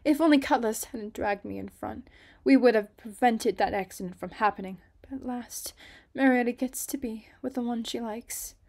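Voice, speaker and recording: High indignant young pirate lady, loud outbursts, put on by a woman reader, storybook. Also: normal speed, gravelly, few pauses. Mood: troubled. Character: fiery proud young woman pirate captain.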